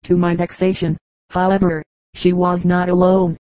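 A woman narrating an audiobook in a steady, measured reading. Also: fairly low pitch, no echo, low-quality recording. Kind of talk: scripted narration.

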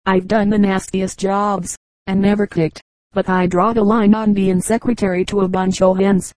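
A woman reading the lines of a fed-up hired farmhand who grumbles slowly in a storybook. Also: mid-range voice, flat delivery, a little mellow, dry recording, close to an everyday voice, rough recording. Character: fed-up longtime hired farmhand, grown man.

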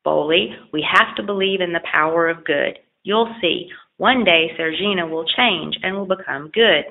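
A gentle, trusting old fisherman, as a woman reader plays him, calling out loudly and speaking patiently. The voice is low-pitched and gravelly. It is heard through a tinny, phone-like recording. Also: moderate pace. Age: older.

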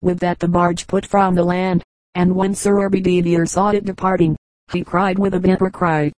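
A woman reading an old tale aloud as an audiobook narrator, measured and steady. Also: fairly low pitch, no room sound, low-quality recording. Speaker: audiobook reader. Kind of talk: storybook narration.

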